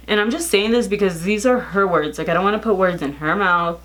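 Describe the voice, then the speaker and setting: A woman in her thirties, a vlogger, retelling a family dispute in casual storytime chat, animated and exasperated, quoting texts aloud. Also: fairly low pitch, fairly quick, few pauses. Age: 30s.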